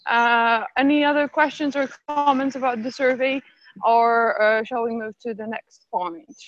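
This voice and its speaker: A woman's voice: a little high, steady tone, measured pace, no echo. Woman meeting moderator on a call, courteous, filler-heavy, close and muffled. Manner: polite, many fillers. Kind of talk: online meeting chat. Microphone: video call. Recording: dry, muffled call audio.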